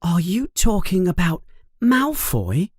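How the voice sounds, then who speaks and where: A clever, earnest schoolgirl, as a man puts her on, her raised voice lilting up and down as she eagerly explains things. Every word comes slowly and clearly, in a dry, close recording for a storybook reading. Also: high-pitched, sing-song, darkish tone, no room sound, voice pushed up, full character voice.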